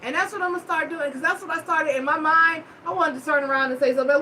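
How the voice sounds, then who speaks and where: A woman hosting a live-stream chat, telling stories in a blunt, profane, animated way. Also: high-pitched, quick pace, hardly any pauses, a little hiss or hum, rough recording. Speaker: host.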